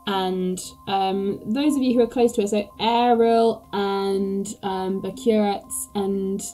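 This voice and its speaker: A woman's voice: mid-range voice, fairly even intonation, slow pace, warm tone, faint music behind, low-quality recording. A woman game master narrating a tabletop game, describing scenes hesitantly with many fillers.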